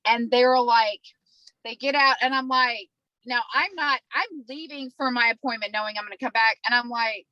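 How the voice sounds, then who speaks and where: Brief: woman, animated profane storyteller, bright tone, dry sound. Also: fairly high pitch, moderate pace, no room sound, muffled recording. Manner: animated, profane, acts out voices while telling a story. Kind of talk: casual storytelling chat.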